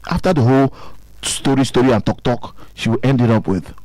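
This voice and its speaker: A man with a Nigerian accent, co-hosting a radio chat and telling an animated story, laughing often and acting out voices. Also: mid-range voice, brisk, no echo. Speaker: radio co-host.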